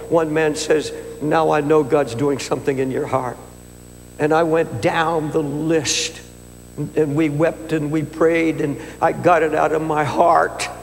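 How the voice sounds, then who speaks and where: Delivering a sermon at a conference, an older pastor in his seventies shares a personal story with earnestness, occasionally stammering and starting over. His voice is on the high side, a little mellow, with vocal fry, captured in an echoey large hall with a faint hum.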